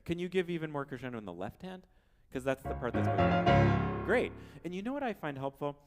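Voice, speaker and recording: A man teaching a piano masterclass, humming and singing phrases to show the student how a passage should go, with gentle encouragement. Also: fairly high pitch, sing-song, a little fast. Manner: sings and hums phrases to demonstrate, gentle encouraging coaching. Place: piano showroom recital space. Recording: roomy hall with piano playing. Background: piano playing.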